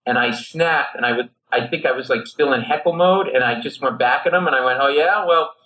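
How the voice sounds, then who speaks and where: A middle-aged man from Rhode Island, a guest comedy writer telling a comic story, who acts out the people in it with big jumps in pitch. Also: fairly quick, sharp tone, low-quality recording.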